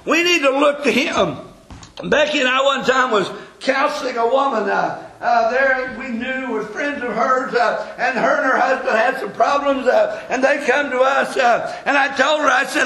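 Fervent high-voiced preacher, shouting, roomy church. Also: male voice, animated, moderate pace. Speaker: pastor. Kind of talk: sermon.

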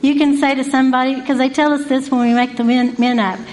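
A woman's voice: high-pitched, little pitch movement, quick pace, darkish tone, poor audio. A woman giving an informal Christian devotional talk, earnest and folksy, asking one rhetorical question after another. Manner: folksy and repetitive.

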